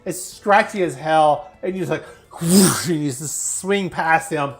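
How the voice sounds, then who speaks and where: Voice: medium pitch, a little slow, a little hiss or hum. A game master narrating a tabletop game in casual chat, often laughing through vivid descriptions. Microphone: headset or desk mic in an online stream.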